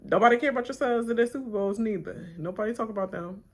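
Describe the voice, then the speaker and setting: A woman's voice: fairly high pitch, fast talker, a little mellow. A woman hosting a reality TV reaction stream, animatedly retelling the episode and acting out the cast members' lines with laughter. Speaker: reaction channel host. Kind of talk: live-watch reality TV rant.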